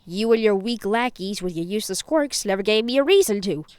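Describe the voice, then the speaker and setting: A woman voicing a cold, cocky teenage boy hero, taunting in a flat, scornful way. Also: mid-range voice, a little fast, clear, resonant tone, close to an everyday voice.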